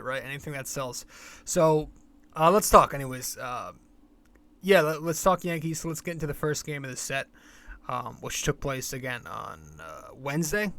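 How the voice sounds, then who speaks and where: A man's voice: fairly high pitch, fairly bright tone. A young man hosting a sports podcast, talking casually and bluntly, rambling and swearing freely. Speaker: podcast host.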